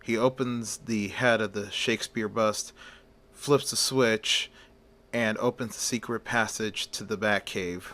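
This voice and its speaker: Bright-voiced man narrating a fan story. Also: lowish voice, steady tone. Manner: halting, with many fillers and restarts.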